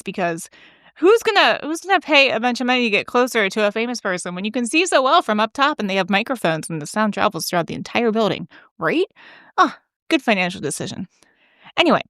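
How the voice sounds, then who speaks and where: A woman hosting a podcast with a chatty, gossipy storytelling manner, laughing often and saying like a lot. Her voice sits a little high. It is recorded close and dry, with no room sound. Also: a bit bright, no echo. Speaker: podcast host. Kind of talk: casual storytelling monologue.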